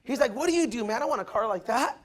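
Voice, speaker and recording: A young man from Southern California speaks to a meeting room in a very high voice. He is fired up, tells stories at speed and keeps asking the crowd if they follow. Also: fast. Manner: excited, storytelling, keeps asking the room "right, guys?". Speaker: motivational speaker at a recruiting meeting. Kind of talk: motivational talk to a live room.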